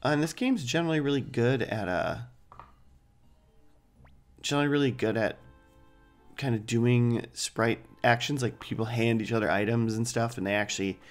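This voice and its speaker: A man's voice: mid-range voice, normal speed, pauses often, soft background music. A man hosting a let's play, giving casual gameplay commentary with joking, rambling asides.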